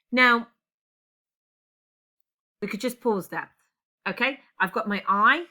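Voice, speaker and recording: A woman's voice: on the high side, takes it slowly, long pauses, pushed and bright. A woman teaching an English lesson, thinking aloud and explaining step by step as she types out an example answer. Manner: talks while typing, thinking aloud. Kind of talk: recorded exam-writing lesson.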